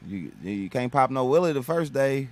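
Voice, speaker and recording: A man's voice: mid-range voice, animated, moderate pace, darkish tone, dry recording. A male comedian from Kentucky, chatting as a guest on a radio show in a slangy, laid-back way, often checking in with "you feel me.". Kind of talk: casual radio interview chat.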